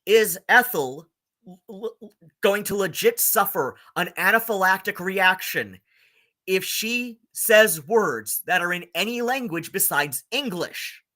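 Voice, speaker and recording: A man streaming rambling, sarcastic commentary, halting on constant ums and likes. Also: high voice, animated, bright, forceful tone. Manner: filler-heavy, halting, with many ums and likes; sarcastic and exasperated.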